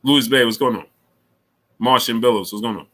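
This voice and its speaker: A middle-aged man hosting a casual live stream, reading super chats, repeating himself and climbing high when he argues. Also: brisk, poor audio. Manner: animated, repeats himself, rises sharply when arguing.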